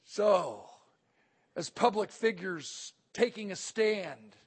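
High gravelly man, comic motivational speaker. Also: lively intonation, slow pace. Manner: comic storytelling, acting out quoted voices. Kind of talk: humorous motivational speech. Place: conference hall in a hotel.

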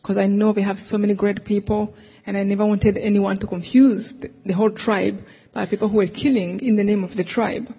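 A speaker telling a personal story in a talk, animated, acting out conversations, with non-native English phrasing. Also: medium pitch, a little fast, breathy edge. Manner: animated, quotes conversations, laughs often. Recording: dull lo-fi sound with long hall reverb.

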